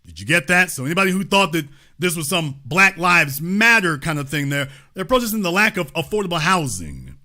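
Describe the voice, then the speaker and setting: A man's voice: a little high, big pitch swings, brisk, few pauses, sharp tone. A man hosting a commentary show, reading news aloud and breaking in with emphatic remarks, repeated points and pointed rhetorical questions.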